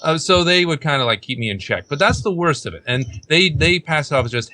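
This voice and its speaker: A man's voice: on the high side, lively intonation, fairly quick, hardly any pauses, bright, forceful tone, no room sound. A young man hosting a casual podcast chat, rambling and outspoken, often acting out what others said. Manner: rambling, outspoken, quotes others in put-on voices. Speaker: podcast host.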